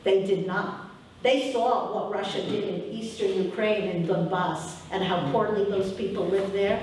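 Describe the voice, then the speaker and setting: A woman's voice: medium pitch, steady tone, a little slow, darkish tone, recorded from a distance, a little hiss or hum. Earnest woman speaking in an echoey hall. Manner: earnest, emphatic, repeats herself. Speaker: speaker addressing an audience. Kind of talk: public talk with Q&A.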